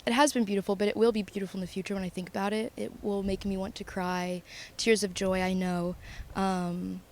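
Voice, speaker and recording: A young woman talking through her feelings in a confessional vlog, earnest and emotional, halting with pauses and restarts. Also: mid-range voice, little pitch movement, a little mellow, slight background noise. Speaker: vlogger.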